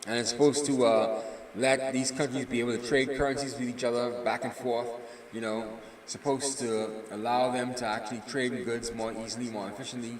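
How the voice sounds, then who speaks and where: Tired guy rambling thru the news on a live stream, mid pitch, sounds far off in an echoey room. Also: steady tone, a little hiss or hum. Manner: rambling, opinionated, many filler pauses. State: tired, yawning. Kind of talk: casual news commentary. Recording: roomy echo, distant mic.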